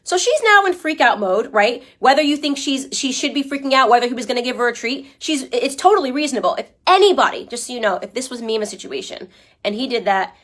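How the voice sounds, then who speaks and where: A woman's voice: high-pitched, lively intonation, fast, a bit bright. Emphatic woman arguing her case. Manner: emphatic and argumentative, tags points with "okay?"; fires rhetorical questions at viewers. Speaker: political commentator. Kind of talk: opinion commentary livestream.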